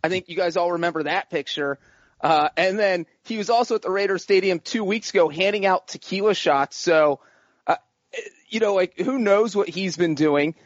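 A man's voice: sits high, moderate pace, dry recording, dull audio. A man co-hosting a casual sports chat, teasing and stumbling on his starts. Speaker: podcast co-host.

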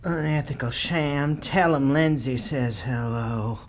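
A man's voice: mid-range voice, slow, slight background noise, lightly acted. A man playing a nervous, defensive male senator with an American Southern accent in a comedy sketch. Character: anxious male southern senator, evasive and fawning.

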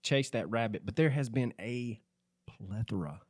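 A man co-hosting a podcast, reading items out in a dry, deadpan manner. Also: medium pitch, moderate pace, dry recording. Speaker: podcast co-host.

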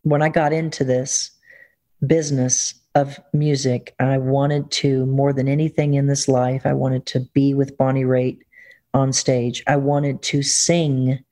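A woman musician, a guest in an interview, telling stories in a lively, expressive way and laughing as she talks. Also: rumbling low, a little slow. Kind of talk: casual interview storytelling.

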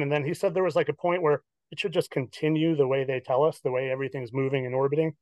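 A young man, a podcast guest, tells a long personal story in casual chat, animatedly acting out what people said and using "like" constantly. His voice is medium-pitched and fast, recorded dry.

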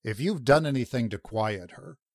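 Brief: male reader doing a curt space officer, harsh, mid-pitched, dry sound. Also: lively intonation, moderate pace, vocal fry, darkish tone, no echo.

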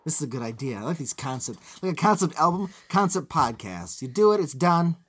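A man's voice: on the high side, sing-song, brisk, fairly bright tone, breathy edge. A man co-hosting a podcast in casual chat, riffing and spinning jokes into bits. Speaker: podcast co-host.

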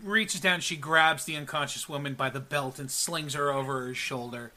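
A man narrating as game master in a relaxed, hesitant way with many fillers. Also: a little high, normal speed.

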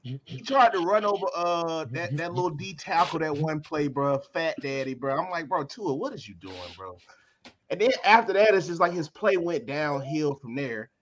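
A young man on a football debate panel, talking in a lively way with repeated words. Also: fairly high pitch, normal speed. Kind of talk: heated sports debate.

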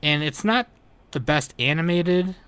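A man's voice: fairly high pitch, lively intonation, unhurried, fairly bright tone, clean tone. A man in casual chat, rambling and retelling scenes with quoted lines, swearing now and then. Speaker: podcast host reviewing anime.

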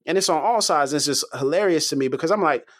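A man co-hosting a casual political chat, incredulous and slangy, his voice jumping up when baffled. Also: fast talker. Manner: incredulous, slangy, rising to high exclamations. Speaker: podcast co-host.

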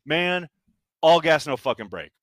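A man's voice: fairly high pitch, a little slow, no room sound. A man co-hosting a casual sports podcast, telling long rambling stories and acting out fans' complaints. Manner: animated, rambling storyteller who mimics fans. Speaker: podcast co-host.

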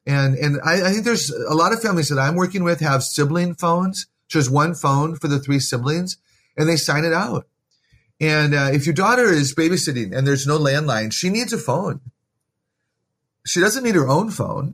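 Earnest encouraging man giving parenting advice. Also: a little high. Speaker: parenting author and guest. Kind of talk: conversational podcast interview.

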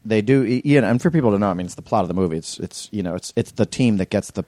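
Male podcast co-host, low-pitched, teasing and chatty, dry sound. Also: expressive, very fast, dark tone, dry recording. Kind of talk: casual chat.

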